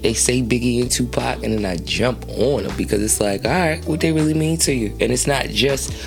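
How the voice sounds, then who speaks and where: A woman's voice: rumbling low, brisk, soft background music. A woman from New Jersey hosting a casual interview, playful and slangy, laughing often. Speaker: host.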